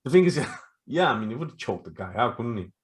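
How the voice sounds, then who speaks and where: A man co-hosting a casual podcast, retelling stories with lively acted-out quotes. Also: mid-range voice, brisk. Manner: animated storytelling, acts out quotes. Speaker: podcast co-host. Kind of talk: casual chat.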